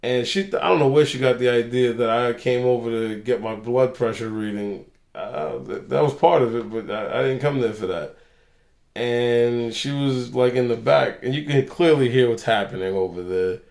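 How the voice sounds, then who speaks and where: A man's voice: medium pitch, normal speed, vocal fry, a little mellow. A young man hosting a casual vlog, loose and rambling, telling stories with plenty of swearing. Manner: loose, rambling, profane storyteller. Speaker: channel host.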